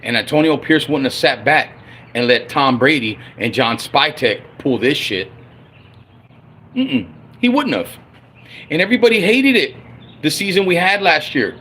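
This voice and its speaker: A man ranting on a livestream about his football team, profane and heated, swinging between loud outbursts and low grumbling. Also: slight background noise. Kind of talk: angry unscripted livestream rant.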